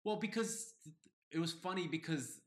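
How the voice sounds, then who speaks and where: A man in his twenties co-hosting a podcast, telling stories in a relaxed, casual chat. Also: a little high, normal speed. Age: 20s. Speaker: podcast co-host.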